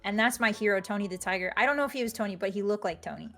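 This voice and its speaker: Playful woman author guest, jokey and animated, faint music under the voice. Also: mid-range voice. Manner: goofy, joking, quick with bits. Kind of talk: casual livestream interview.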